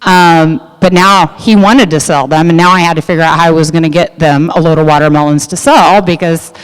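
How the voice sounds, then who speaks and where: A woman's voice: low-pitched, fairly even intonation, a little fast, clean tone. A middle-aged woman who owns a produce business, telling a story in a luncheon speech with lots of fillers and restarts. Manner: chatty, many fillers and restarts. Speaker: produce business owner giving a luncheon talk. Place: large event hall. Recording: long hall reverb.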